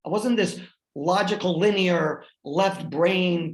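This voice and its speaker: A man with a voice that sits high speaks at a measured pace while hosting a chat. He shares a personal story earnestly and from the heart, peppered with fillers, in a roomy, echoing recording.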